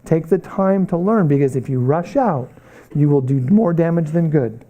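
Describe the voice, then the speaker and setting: A middle-aged man lecturing a Bible college class on missions, earnest and animated, often stopping to ask the room questions. His voice sits a little high but is deeply mellow and warm. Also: normal speed, highs cut off.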